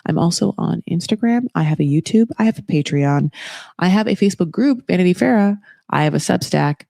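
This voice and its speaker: Low, gravelly woman podcast host. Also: dark tone, no room sound, studio quality. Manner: rambling, sarcastic and profane; playful and self-mocking. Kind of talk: casual reality TV recap chat.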